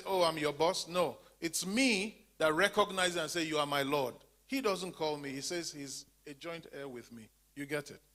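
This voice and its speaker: A man's voice: fairly high pitch, fairly bright tone. A man teaching a women's church class. He asks questions and leaves his sentences open for the group to finish, repeating key words for emphasis. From Zambia.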